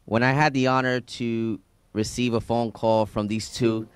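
A man's voice: mid-range voice, level tone, unhurried, clean tone. Guy officiating a wedding, chatty and laughy, just a regular mid voice. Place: outdoor wedding venue.

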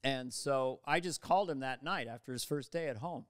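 A man telling stories as a guest comedian in casual conversation, animated and slipping into voices, on a studio mic. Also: medium pitch, normal speed, clean tone, no room sound. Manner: animated, slips into voices and quotes mid-story. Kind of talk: casual interview storytelling. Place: podcast studio.

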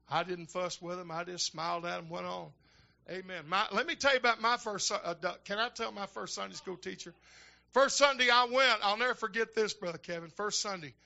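An older man preaching a sermon, telling folksy stories and building to shouted exhortation from the pulpit. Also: high-pitched, gravelly. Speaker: pastor. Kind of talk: sermon with storytelling. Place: church sanctuary. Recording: dull lo-fi church recording.

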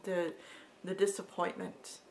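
A middle-aged woman telling an emotional personal story in a vlog, halting and sometimes dropping to a soft whisper. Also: lowish voice, little pitch movement, gravelly, slight background noise. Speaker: vlogger.

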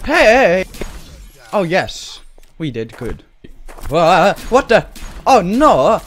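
A high-voiced man hams it up while commentating his own match, his tone leaping all over the place. He drags out his words at an unhurried pace between bursts of silly trash talk. A faint hiss sits under his voice. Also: big pitch swings, a bit bright. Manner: silly, exaggerated trash talk with mock-serious jokes. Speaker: gaming YouTuber. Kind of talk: playful gameplay commentary.

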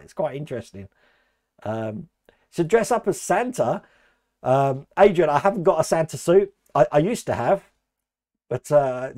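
A man's voice: on the high side, darkish tone. An older man from Australia with a mixed Australian and Essex English accent, hosting a live stream and chatting casually as he answers viewers' comments by name.

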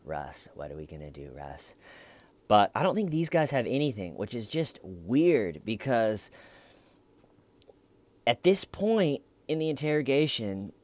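A man giving casual true crime commentary, musing aloud in a wry tone with hesitant restarts. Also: fairly low pitch.

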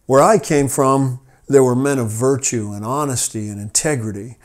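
A man's voice: mid-range voice, normal speed, lightly acted. A man voicing an earnest, honest traveler on horseback in a raised voice.

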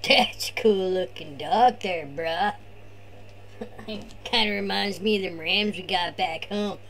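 A man's voice: sits high, takes it slowly, creaky, a bit bright, full character voice. A man voicing his laid-back surfer-dude cousin, who drawls slacker talk and tags bruh and man onto every line.

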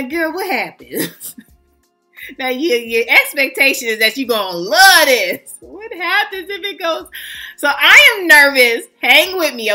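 A woman hosting a casual fragrance review vlog, chatty and excitable, greeting her viewers as family. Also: high voice. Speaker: fragrance vlogger host.

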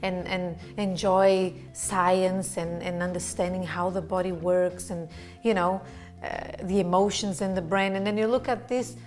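Casting: female talk show co-host, casual animated chat, light music in background. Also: lowish voice, a little slow.

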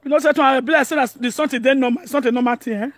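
A woman's voice: sits high, steady tone, rapid-fire, no echo. A woman with a Nigerian accent chatting casually to her vlog audience, laughing often and speaking pidgin English. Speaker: vlogger. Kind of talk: casual home vlog chat.

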